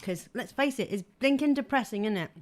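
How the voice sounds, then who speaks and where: A woman's voice: fairly high pitch, animated, brisk. A woman raised in Saudi Arabia, chatting as a guest on a casual show, rambling and giggly and a little tipsy. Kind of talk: casual chat.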